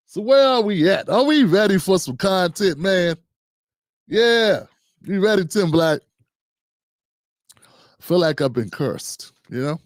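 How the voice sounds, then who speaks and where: Older male streamer host, chatty and self-mocking, slightly raised pitch, dry. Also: expressive, takes it slowly, long pauses, dry recording. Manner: joking, rambling, talks to himself. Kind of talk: casual livestream talk.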